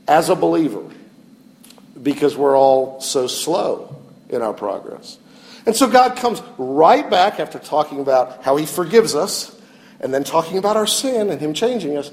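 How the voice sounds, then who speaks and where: Animated high-voiced male preacher. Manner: earnest, expressive preaching with frequent restarts. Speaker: pastor. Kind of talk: sermon.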